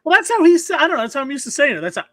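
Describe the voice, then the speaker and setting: High-voiced man rambling on a podcast. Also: big pitch swings, racing, sharp tone, no room sound. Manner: rambling, restarts often. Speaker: podcast co-host. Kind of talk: casual chat.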